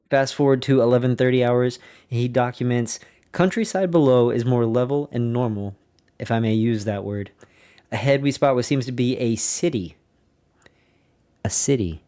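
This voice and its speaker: On a laid-back podcast, a medium-pitched man reads from an old diary in a plain middle voice, repeatedly breaking off with animated, incredulous asides asking his listeners if they're keeping up.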